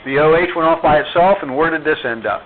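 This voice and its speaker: Speaking in a slightly high voice, a man teaches chemistry and quizzes his class in a slow, deliberate manner. There's slight background noise, and the recording has a tinny, phone-like sound.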